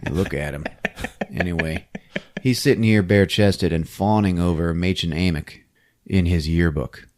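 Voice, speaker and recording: A man hosting a podcast, recapping a movie in a comedic, animated way. He laughs often and acts out the characters' lines. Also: deep voice, moderate pace. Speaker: podcast host. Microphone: podcast microphone.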